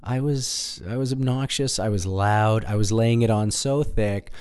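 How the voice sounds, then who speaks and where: A man's voice: on the low side, a little slow, darkish tone, clear, resonant tone. A man in his thirties hosting a podcast, telling a candid, rambling personal story in a self-deprecating way and swearing now and then. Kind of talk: casual monologue.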